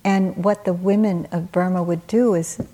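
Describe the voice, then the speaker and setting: A woman meditation teacher giving a dharma talk at a retreat, telling stories in a gentle, unhurried way with soft pauses. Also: fairly low pitch, steady tone.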